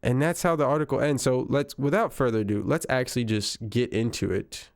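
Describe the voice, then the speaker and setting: A smooth, clear-voiced man riffs on a news clip in loose, casual commentary. He sounds wry and incredulous and keeps repeating himself for effect. His voice sits dry and close, with no room around it. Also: medium pitch, fairly even intonation, brisk, no echo. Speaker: commentator reacting to news clips.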